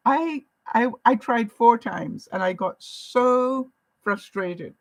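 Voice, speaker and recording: Woman vlogger, lively storyteller with a higher voice, laughs a lot, close dry sound. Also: slow, no echo, rough recording. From Canada. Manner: animated, chatty, laughs often while telling stories. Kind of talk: casual storytelling to camera.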